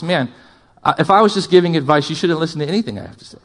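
A man preaches with passion, his fairly high voice climbing louder through emphatic build-ups. He drops into quieter asides and jokes with the congregation between points. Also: lively intonation, very fast. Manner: impassioned, swings from loud emphatic build-ups to low asides. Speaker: pastor. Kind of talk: sermon.

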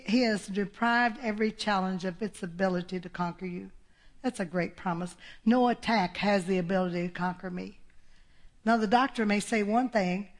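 Older woman preaching with folksy exclamations. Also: mid-range voice. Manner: exclamatory, folksy, laughing between points. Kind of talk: sermon.

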